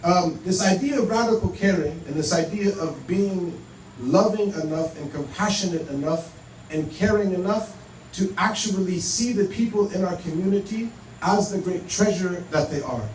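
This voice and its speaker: A man's voice: high voice, moderate pace, a little mellow. A man giving a conversational talk to a community audience, telling stories and acting out dialogue. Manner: conversational, acts out dialogue in quoted exchanges. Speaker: Muslim speaker. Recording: roomy hall, mic at a distance, faint hum.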